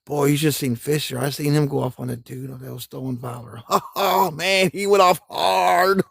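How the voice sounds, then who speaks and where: A man's voice: a little high, moderate pace, creaky, a bit bright, breathy edge, no echo, studio quality. A middle-aged man and army veteran telling rambling, profane stories on a live stream, laughing often, with folksy grammar. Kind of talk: casual storytelling on a live stream.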